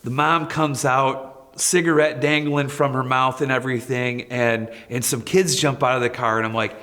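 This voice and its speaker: This man, a school principal, recounts his own stories in a lively way, imitating the people he quotes. He has a medium-pitched voice, keeps a moderate pace, and sounds like he's in a big room.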